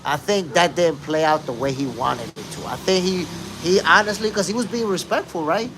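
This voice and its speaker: A man hosting a casual live boxing talk stream, speaking emphatically and shouting out viewers in the chat. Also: fairly high pitch, moderate pace, noisy background. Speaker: boxing show host.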